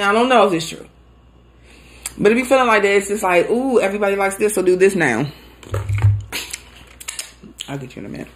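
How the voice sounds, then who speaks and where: A young woman, chatting casually as she eats for a live mukbang audience. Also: lowish voice. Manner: chatty, talking while eating, playful and animated. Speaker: mukbang host.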